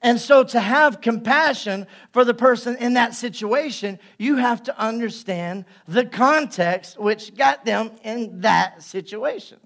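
High-voiced man preaching with playful asides. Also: a little slow, creaky, few pauses, fairly bright tone. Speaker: pastor. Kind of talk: sermon.

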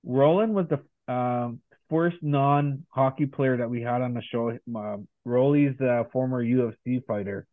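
A man co-hosting a laid-back podcast runs through a long list of past guests and where they come from. His voice sits at a middling pitch. It comes through thin and phone-like, with a dry, close sound. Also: measured pace, no echo. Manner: reading a long list of names. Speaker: podcast co-host. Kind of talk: casual podcast chat.

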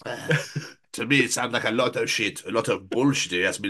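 A man's voice: mid-range voice, fairly quick, bright, forceful tone, slightly rough. A man co-hosting a podcast, joking in a rambling, sweary, silly way. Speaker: podcast co-host. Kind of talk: casual comedic chat.

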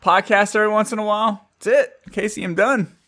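A man's voice: sits high, fairly even intonation, fast, pushed and bright. A man hosting a podcast, talking in a laid-back, casual way. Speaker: podcast host. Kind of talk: casual conversation.

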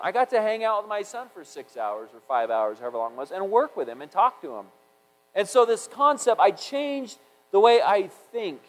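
A middle-aged male preacher with a voice pitched a little above the usual. He talks in an easy, conversational sermon style, moving between scripture and a lively personal story and stopping now and then to correct himself. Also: poor audio.

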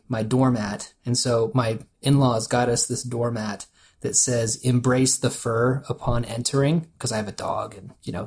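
A man's voice: mid-range voice, darkish tone, breathy edge. A man co-hosting a podcast, casually telling a story, laughing often and quoting people in a loose voice. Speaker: podcast co-host.

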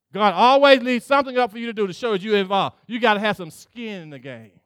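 A man's voice: sits high, fairly bright tone, clear, resonant tone, no echo, clean studio sound. A male pastor preaching a sermon, talking straight to the congregation and acting out what God says. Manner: preaching with call-outs, acting out God's voice, laughing.

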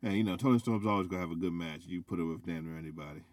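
A man's voice: low voice, no echo. A man co-hosting a casual wrestling podcast, playful and teasing. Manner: playful, teasing, quick to laugh. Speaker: podcast co-host.

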